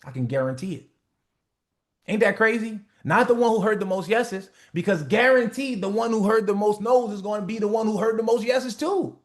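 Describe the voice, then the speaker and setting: A man coaching a group on a motivational call, animated and profane, acting out little skits. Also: sits high, normal speed. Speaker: business coach.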